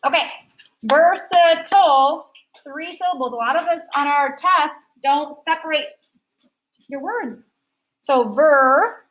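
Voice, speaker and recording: A high-voiced woman teaching phonics to a classroom. She speaks at a slow, deliberate pace and draws out each word part as she sounds it out for the students. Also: fairly bright tone, low-quality recording.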